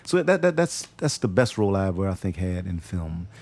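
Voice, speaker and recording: A man's voice: sits low, very animated, darkish tone. A man being interviewed about his acting work, talking casually, restarting and repeating words as he goes. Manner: halting, repeats words, demonstrates voices. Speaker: actor, interview guest.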